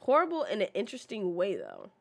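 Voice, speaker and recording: A woman's voice: mid-range voice, wildly swooping pitch, quick pace, vocal fry. A woman streamer chatting casually while playing and reading signs aloud, often stumbling and restarting mid-sentence.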